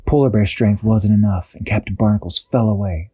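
Man spinning an improvised bedtime story, breathy husky tone, dry close sound, lively delivery. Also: fairly low pitch, fairly quick, dry recording. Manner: animated, acts out characters with occasional restarts.

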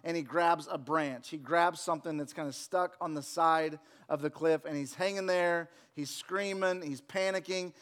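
Man, pastor, high voice, church sermon, storytelling. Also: steady tone, moderate pace, few pauses, fairly bright tone. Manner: storytelling, acts out voices in anecdotes. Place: church sanctuary.

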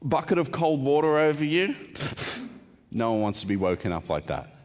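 A man's voice: mid-range voice, very animated, normal speed, a little mellow. A man preaching a sermon in a conversational way, putting questions to the congregation and adding wry asides. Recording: long hall reverb.

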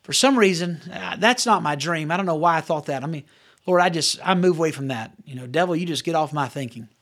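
A middle-aged man preaching in a fairly high voice. He talks to his listeners in an earnest, conversational way and keeps climbing into emphatic bursts. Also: fast talker, fairly bright tone. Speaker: pastor. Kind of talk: sermon.

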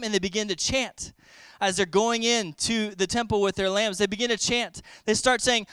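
A male preacher with a high, ringing, smooth voice delivers an expressive storytelling sermon. He pauses to explain word meanings as he teaches. The sound is close and dry, with no room echo.

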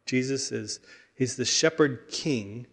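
A man's voice: medium pitch, takes it slowly. A man preaching a sermon in a conversational way, with frequent fillers and restarts.

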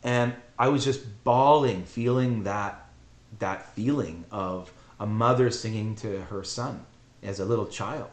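A middle-aged man telling a heartfelt personal story on a podcast, earnest and emotional, often halting and repeating himself. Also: lowish voice. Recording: roomy echo.

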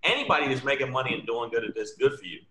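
A man's voice: medium pitch, lively intonation, rapid-fire, sharp tone. A man from New York, a guest comedian, telling blunt, profane stories in casual chat. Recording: echoey room.

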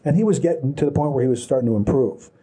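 A man's voice: mid-range voice, racing, dark tone, slightly rough. A man telling long casual anecdotes in a rambling way, with many restarts. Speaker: storyteller. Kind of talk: casual chat.

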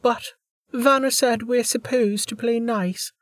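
A man's voice: extremely high pitch, steady tone, takes it slowly, fairly bright tone, no room sound, voice pushed up, heavily acted. A man doing a wry, raised-voice young woman fighter. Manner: dry and self-assured.

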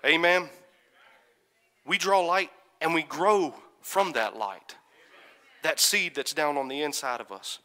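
A man preaching a sermon, moving from quiet storytelling to loud, fervent calls and asking the congregation for an "Amen". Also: a little high, takes it slowly, pauses often. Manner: builds from soft musing to shouted fervor, calls "Amen?".

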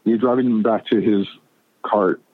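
A man's voice: on the low side, moderate pace, no room sound. A middle-aged man telling long stories in a casual chat, full of stammered restarts and quotes he acts out. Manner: rambling, stammering restarts, animated retelling of quotes. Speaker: guest. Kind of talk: casual storytelling. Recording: tinny phone line.

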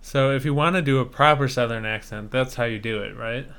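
Podcast cohost guy, smooth clear voice, dry incredulous jokes. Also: mid-range voice, brisk, fairly bright tone. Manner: wry, incredulous asides. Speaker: podcast co-host. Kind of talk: casual chat.

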